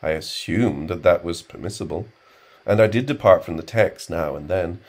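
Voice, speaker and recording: A pompous young male graduate student, as a male reader puts him on, stiffly polite and quick to take offense. The voice sits noticeably higher than the reader's very deep natural tone and grows louder and more insistent. It is read from a storybook. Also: lively intonation, heavy background noise.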